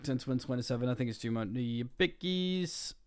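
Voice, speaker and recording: A young man who is not a native English speaker, streaming online poker and chatting casually with viewers in a relaxed, rambling way. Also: mid-range voice, fairly quick, clean tone. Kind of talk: casual live-stream commentary.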